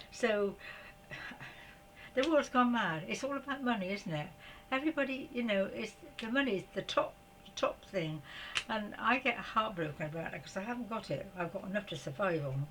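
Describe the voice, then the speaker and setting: A woman's voice: medium pitch, fairly bright tone, a little hiss or hum, rough recording. An older woman vlogging in a rambling, chatty way, often laughing as she talks. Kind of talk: casual spiritual vlog.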